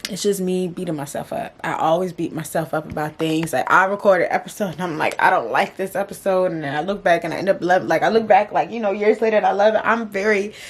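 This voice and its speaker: A woman's voice: on the low side, fast talker, hardly any pauses, breathy edge. A woman vlogging candidly to camera, slangy and emotional, talking herself through her doubts. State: tearful, voice breaking. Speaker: vlogger and podcast host. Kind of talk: candid confessional vlog.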